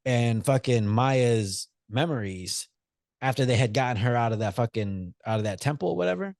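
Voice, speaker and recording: A man's voice: mid-range voice, lively intonation, normal speed, creaky, a little mellow, no echo, studio quality. A man co-hosting a casual movie podcast, loose and profane, teasing his friend and musing aloud with restarts. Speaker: podcast co-host. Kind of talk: casual movie-review chat.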